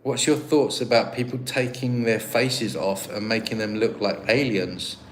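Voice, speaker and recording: A little slow and steady in tone, this fairly low-voiced British man hosts a relaxed livestream, going through viewer comments in a meandering, self-mocking way. A faint hiss or hum sits under the recording.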